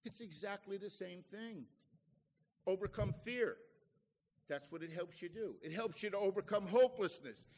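Pastor, male, higher pitch, homely chatty preaching, recorded in a church with a long echo. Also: expressive, normal speed, a little mellow. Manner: folksy, conversational preaching with homely asides. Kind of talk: sermon.

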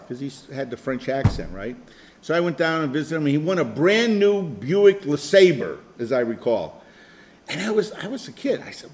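A man's voice: medium pitch, expressive, moderate pace, a little mellow, a little hiss or hum. An older man leading a Bible study group in an informal sermon, rambling, repeating phrases and chuckling.

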